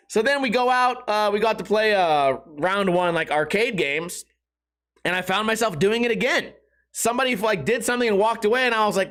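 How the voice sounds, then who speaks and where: A man's voice: sits high, lively intonation, brisk, a bit bright. A man hosting a podcast, talking in a profane, rambling, self-mocking way. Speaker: podcast host. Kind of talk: casual podcast monologue.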